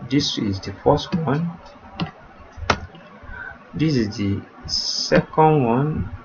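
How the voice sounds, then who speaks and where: Male coding tutor, patient and repetitive, mid-pitched voice, slightly muffled lo-fi recording with faint background noise. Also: lively intonation, very slow. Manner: repetitive step-by-step explaining, addresses viewers as you guys.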